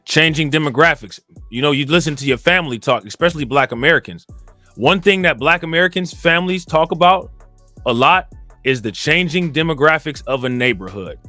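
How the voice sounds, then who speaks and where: A man from Cleveland rambles through a casual commentary. His voice sits fairly high and sounds dry and close, with faint music underneath. He leans on filler phrases and climbs in pitch when he gets indignant. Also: lively intonation, brisk, pushed and bright, no echo. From Cleveland, Ohio. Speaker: commentary channel host.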